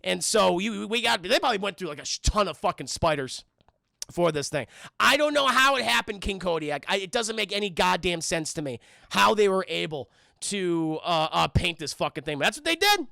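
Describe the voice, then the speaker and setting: Excitable, profane young male streamer. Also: high voice, creaky, dry recording. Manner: profane, excitable, mimics characters in quick voices. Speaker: streamer reviewing a film with chat. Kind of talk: casual livestream recap with chat.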